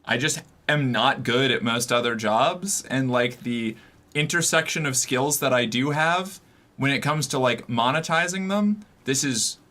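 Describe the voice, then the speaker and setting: A man's voice: mid-range voice, measured pace, pushed and bright. A young man from the US Northeast streaming and chatting casually with viewers, talkative and rambling with many fillers. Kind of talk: casual chat reading viewer messages.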